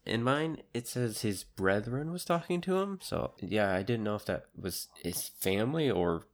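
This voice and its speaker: A man's voice: lowish voice, expressive, normal speed. A man co-hosting a podcast in casual chat, rambling and hesitant, with many restarts. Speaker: podcast co-host.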